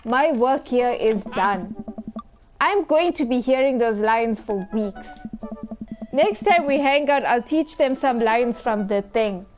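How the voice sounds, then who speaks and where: Playful high-voiced woman reading a game. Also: animated, measured pace, darkish tone, soft background music. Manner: playful, giggly, teasing asides. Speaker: gaming video host. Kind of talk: reading a dating game aloud with live commentary.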